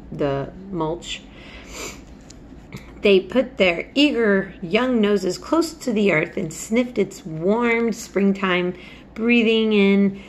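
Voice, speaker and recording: A woman reading a children's novel aloud, unhurried and steady, with small slips. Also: lowish voice, a little hiss or hum. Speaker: storybook reader.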